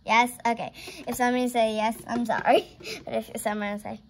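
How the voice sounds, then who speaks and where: A woman's voice: on the high side, flat delivery, a little fast. A woman reading a children's picture book aloud, playful and exclaiming, turning to chat with her viewers between pages. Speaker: storyteller.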